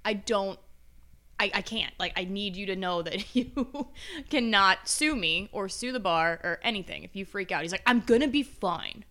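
Woman cohost, bright crisp voice, swears a lot, acts out everyone in her story. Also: medium pitch, moderate pace. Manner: animated storyteller, swears freely, mimics others. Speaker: podcast co-host. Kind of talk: casual chat.

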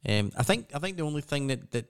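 Fast-talking Scottish man. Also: a little high, big pitch swings, vocal fry, clean tone. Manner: quick, chatty, joking. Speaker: podcast co-host. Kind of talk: casual chat.

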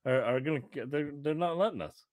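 A man's voice: on the high side, quick pace, darkish tone. A man co-hosting a podcast in casual, rambling, jokey chat, slipping into silly voices when he tells stories. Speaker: podcast co-host.

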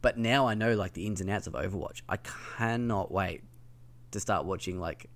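A man's voice: sits low, normal speed. A man with a slight lisp hosting a casual gaming news podcast, talking in a loose, rambling way with plenty of ums and likes. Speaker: podcast host.

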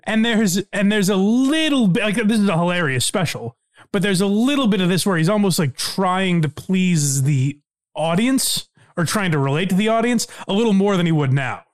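A man's voice: high-pitched, expressive, normal speed. A man hosting a podcast in a casual, reflective, conversational way. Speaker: podcast host. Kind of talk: casual chat.

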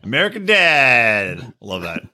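A man co-hosting a podcast in casual chat, profane and animated, often mocking people in quick put-on voices. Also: medium pitch. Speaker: podcast co-host.

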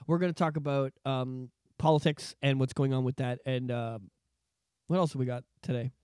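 A man in his thirties co-hosting a casual podcast, an excitable storyteller who swears freely. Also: medium pitch, normal speed, clear, resonant tone, no echo, clean studio sound. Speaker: podcast co-host.

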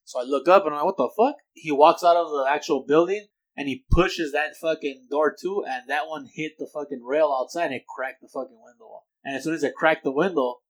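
A man's voice: a little high, a little fast, few pauses, rough recording. A young man co-hosting a podcast, telling a rambling, profane story in casual chat with frequent laughs. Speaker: podcast co-host.

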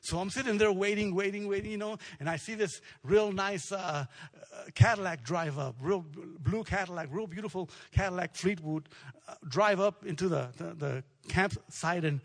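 A male pastor from preaches with a high, husky voice. He moves from relaxed storytelling into a building, emphatic, repetitive declaration. His colors his words. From South Texas. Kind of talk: sermon.

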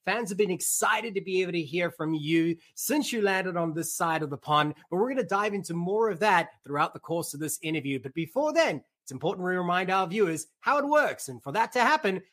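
A man's voice: high voice, expressive, brisk, hardly any pauses, fairly bright tone. A man co-hosting a podcast interview, introducing a guest with playful hype-man energy. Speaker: podcast co-host.

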